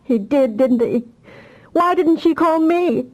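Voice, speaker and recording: A woman's voice: medium pitch, lively intonation, normal speed, dark tone, pitched above the performer's own voice, close to an everyday voice, poor audio. A woman reading an audiobook voices an anxious adult telepathic mother who talks in a distressed, pleading way. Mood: distraught.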